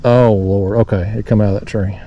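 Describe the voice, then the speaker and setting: Out on a lake below a dam, a man fishes from a kayak and talks to his viewers in a relaxed, folksy ramble. He speaks briskly in a lowish, dark, fairly even voice, and the audio is dull with slight background noise.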